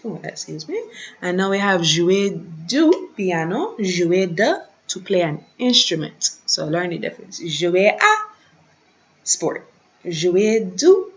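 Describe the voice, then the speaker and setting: Slow, careful woman teaching a lesson. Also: on the low side, animated. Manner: slow, careful, repeats words for practice. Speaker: French teacher. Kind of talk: recorded online lesson. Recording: dull, slightly lo-fi recording.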